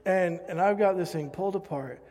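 A man's voice: sits high, brisk, darkish tone. A man preaching a sermon and telling a self-mocking personal story, laughing often. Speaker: pastor. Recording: long hall reverb.

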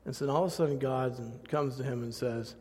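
A man's voice: mid-range voice, a little fast, a little mellow, breathy edge. A man preaching a sermon and telling a self-mocking personal story, laughing often. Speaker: pastor. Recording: long hall reverb.

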